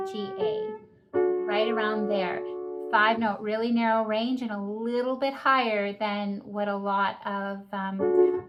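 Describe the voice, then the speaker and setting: A woman who teaches early childhood music, explaining singing techniques in a patient, practical way. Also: fairly high pitch. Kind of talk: instructional talk.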